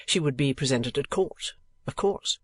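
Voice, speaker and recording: A man reading a classic novel aloud as an audiobook narrator, in a measured, expressive way. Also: medium pitch, slightly rough.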